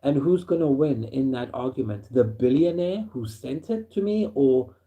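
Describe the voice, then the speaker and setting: A man from Africa, telling a first-person story in an animated way and chuckling as he goes. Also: medium pitch, moderate pace, phone-quality sound. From South Africa.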